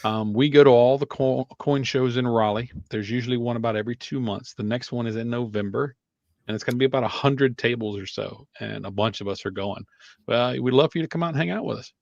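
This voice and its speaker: A man co-hosting a casual livestream, tired and relaxed as he greets viewers by name and jokes with them. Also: mid-range voice, brisk, vocal fry, dry recording, lo-fi sound. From North Carolina. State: tired, yawning. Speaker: co-host of a livestream show.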